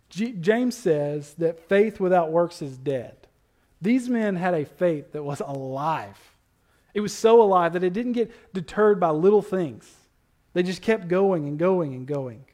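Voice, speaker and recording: A man preaching a sermon in a conversational way, with asides and quick self-corrections. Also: high-pitched, lively intonation. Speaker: pastor.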